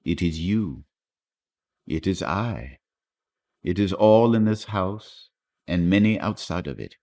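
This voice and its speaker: A man's voice: low voice, lively intonation, takes it slowly, mellow, heavily acted. A man reading the part of a grave, earnest young Italian fisher lad in an audiobook.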